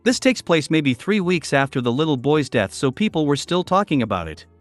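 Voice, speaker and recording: A man narrating online stories in a steady, even reading style. His voice sits slightly high, recorded dry and close, with faint music under it. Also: brisk, no echo.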